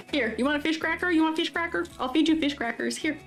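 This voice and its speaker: A woman's voice: sits high, moderate pace. A woman streaming as she draws. She chats casually, laughs often and reads viewer comments aloud. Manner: playful and teasing with chat. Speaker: streamer reviewing avatar designs. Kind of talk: casual live-stream chat while drawing. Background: faint background music.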